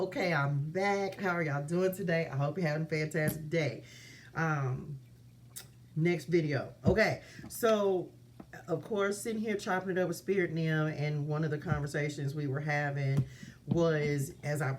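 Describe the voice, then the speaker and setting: A woman with a somewhat low voice talks straight to the camera from her apartment, running a casual spiritual vlog. She is chatty and emphatic, calls her viewers y'all and stresses her points by repeating them. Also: a little hiss or hum. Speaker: spiritual reader and vlogger.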